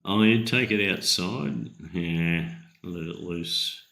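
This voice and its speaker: A man's voice: low voice, slow, gravelly, a bit bright. An Australian man in casual chat, rambling and emphatic, swearing constantly. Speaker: host. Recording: echoey room.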